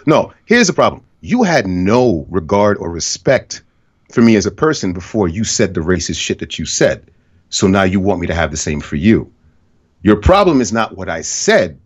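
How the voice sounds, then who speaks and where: A man with a low-pitched voice holds forth as a podcast host. He talks bluntly and swears freely, and he gets fired up as he goes. The audio is muffled and lo-fi. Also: sing-song, normal speed, slightly rough. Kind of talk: casual podcast conversation.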